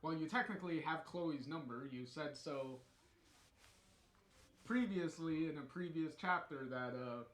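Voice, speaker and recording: Slow, rambling man in an echoey room. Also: on the high side, a bit bright. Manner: rambling, hesitant, with many fillers and chuckles. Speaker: co-host commenting on the story. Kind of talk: casual commentary.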